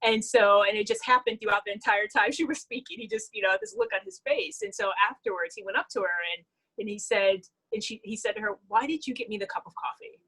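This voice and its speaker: Woman host, affirming, easy storyteller, mid-pitched, on a video call. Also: expressive, fast, a bit bright, husky, low-quality recording. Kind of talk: conversational discussion.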